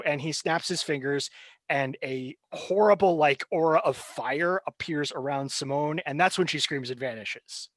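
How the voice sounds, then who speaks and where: A man narrating a tabletop game as game master, brisk and relaxed, with fillers. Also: a little high, no room sound.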